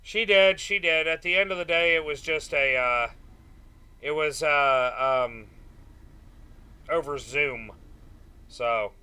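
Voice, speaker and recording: A man's voice: on the high side, takes it slowly, pauses often, pushed and bright, clear, resonant tone. A young man streaming a space game, chatting casually with his viewers and often trailing off into "uh" and "um". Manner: chatty, answers chat, trails off with fillers. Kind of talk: casual gaming stream chat.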